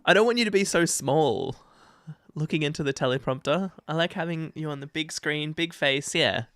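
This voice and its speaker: A man's voice: a little high, moderate pace, fairly bright tone, no echo, clean studio sound. A man co-hosting a podcast, chatting casually and joking often with his co-host. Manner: jokey, laughs often.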